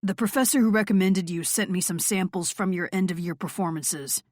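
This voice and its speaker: A woman voicing a brooding, sarcastic male rock star with a gruff, scoffing manner in an audiobook. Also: fairly low pitch, a little fast, darkish tone, no echo, clean studio sound, close to an everyday voice. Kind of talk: audiobook character voice.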